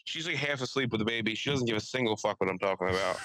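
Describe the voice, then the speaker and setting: A young man co-hosting a podcast, telling a story and acting out the people in it with lively voice changes. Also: on the low side, rapid-fire, dry recording, rough recording. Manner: animated, acts out quotes in shifting voices. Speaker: podcast co-host. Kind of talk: casual storytelling chat. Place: studio.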